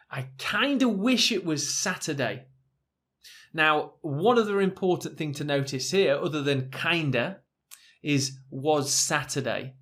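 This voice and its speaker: A man teaching English pronunciation in a recorded lesson, talking slowly and patiently with fillers and repeating sounds for learners to copy. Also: on the high side, fairly bright tone. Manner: slow and patient, modelling sounds, many fillers.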